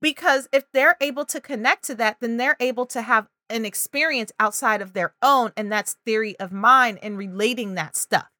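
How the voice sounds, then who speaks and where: A woman's voice: a little high, normal speed, hardly any pauses, pushed and bright, dry recording, studio quality. A woman talking parents through early reading and language signs, acting out child and parent voices now and then. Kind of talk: parenting advice video.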